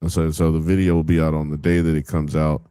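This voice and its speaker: A man's voice: extremely low pitch, level tone, fast, mellow, clear, resonant tone, no room sound. A man hosting a live podcast in casual chat, joking and laughing often. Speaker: podcast host.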